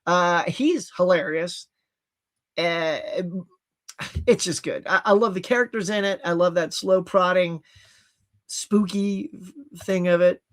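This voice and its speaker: A man hosting a casual livestream from his home setup, chatting about new movie releases in an animated way and laughing at himself. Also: high voice, slow, pauses often. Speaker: livestream host. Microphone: computer with HD webcam.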